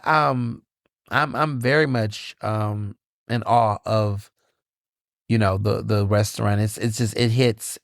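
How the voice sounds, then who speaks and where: A man hosting his own podcast, chatting casually and animatedly, telling stories with lively, high-pitched quoted asides. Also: dry recording, clean studio sound. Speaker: podcast host. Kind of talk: casual solo chat.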